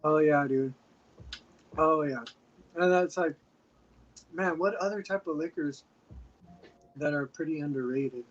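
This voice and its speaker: A man hosting a livestream in casual chat, laid-back and profane and quick to laugh. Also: on the high side, highs cut off. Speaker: livestream host. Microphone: streaming mic.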